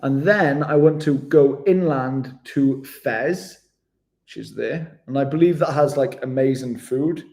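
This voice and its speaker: A man's voice: medium pitch, unhurried, mellow. A man chatting casually with viewers on a live stream, laid-back and matey, calling everyone mate. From Wales. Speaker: travel vlogger hosting a live stream.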